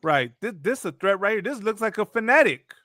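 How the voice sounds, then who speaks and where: High, sharp, mocking man preaching. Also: sing-song, fairly quick, dry recording, studio quality. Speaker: host reacting to videos. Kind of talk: religious commentary talk.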